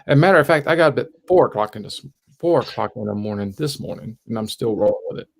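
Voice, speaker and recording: A man's voice: mid-range voice, lively intonation, fast, creaky. Playful man chatting as a guest. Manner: playful, self-mocking banter. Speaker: guest on a live stream. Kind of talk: casual late-night live stream chat.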